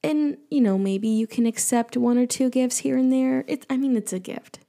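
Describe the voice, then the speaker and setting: A woman's voice: on the high side, normal speed, vocal fry, mellow. A woman hosting an advice show, casually answering listener questions in a playful, teasing way with jokey asides. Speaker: advice podcast host.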